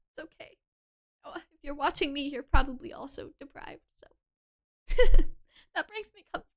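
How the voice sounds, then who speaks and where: A woman's voice: extremely high pitch, normal speed, fairly bright tone. A young woman streamer with a strained voice, giving giggly, self-deprecating commentary while playing a game. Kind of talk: gaming commentary.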